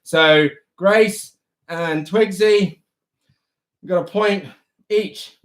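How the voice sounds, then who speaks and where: A man's voice: high-pitched, extremely slow. A young man hosting a casual live stream, chatty and often breaking into laughter. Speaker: livestream host.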